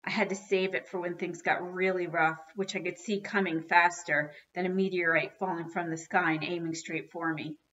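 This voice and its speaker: A woman reads a children's book aloud with expressive storytelling. Her voice is bright and sits a little low. The recording is dull and lo-fi. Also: normal speed, few pauses, slight background noise. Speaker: reader.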